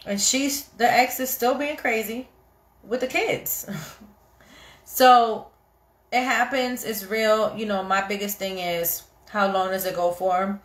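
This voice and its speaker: A woman hosting a casual live chat about marriage, animated and chatty, often acting out what people say. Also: medium pitch, takes it slowly. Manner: animated, chatty, quotes people in little acted voices. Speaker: host of a live chat for couples. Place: home, kitchen nearby. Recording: echoey room.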